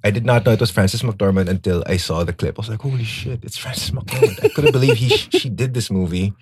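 Excitable husky-voiced man podcast host. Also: lowish voice, quick pace, dry recording, studio quality. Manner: excitable, laughs a lot. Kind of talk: casual podcast chat.

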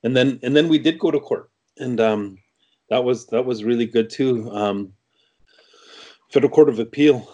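A man's voice: mid-range voice, moderate pace, mellow, lo-fi sound. A middle-aged man from Canada, an interview guest, telling a story casually with many restarts and fillers.

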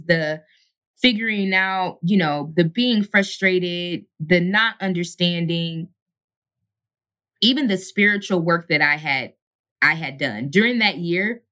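A woman in her thirties shares her life story as an interview guest. Her voice is bright and ringing, and her delivery is candid and heartfelt, with casual asides to the listener as she goes. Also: fairly low pitch. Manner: earnest, heartfelt, peppered with "you know what I'm saying". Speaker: actress and singer, guest.

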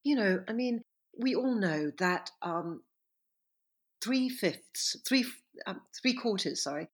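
Woman author as interview guest, husky, reflective and measured, breaks off to correct herself. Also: mid-range voice, expressive. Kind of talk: podcast interview answers.

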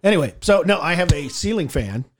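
A man from the Midwestern US co-hosting a casual podcast, teasing his partner with deadpan quips, recorded in a small closet-sized room. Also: fairly high pitch, brisk. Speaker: podcast co-host. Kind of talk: casual banter.

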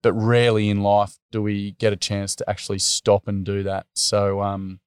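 A middle-aged Australian man telling a heartfelt story in an interview, earnest and halting, with many pauses and restarts. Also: on the low side, monotone, clean tone. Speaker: workshop facilitator and guest.

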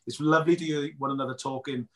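A man's voice: mid-range voice, steady tone, fast talker, fairly bright tone. A man, a documentary filmmaker, chatting as a guest on an interview podcast, telling stories with enthusiasm and many fillers. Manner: enthusiastic storyteller, many "you know" fillers. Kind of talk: casual interview chat.

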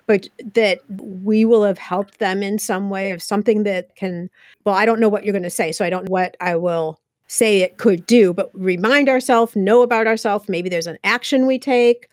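A woman's voice: mid-range voice, normal speed, darkish tone, dry recording, studio quality. A woman hosting a podcast, who encourages her guest and answers with short affirmations. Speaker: podcast host. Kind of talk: podcast interview.

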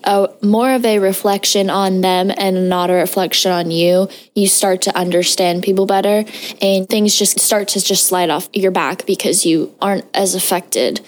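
Woman, mid-range voice, casual podcast co-host who asks questions loosely. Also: medium pitch. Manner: casual, filler-heavy questioning. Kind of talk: casual chat.

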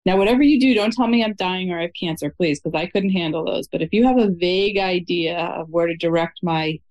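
A woman's voice: lowish voice, fairly quick, a little mellow, rough recording. A woman calling in to a show, earnestly describing her situation in detail. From Syracuse, New York. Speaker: caller. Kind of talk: call-in conversation.

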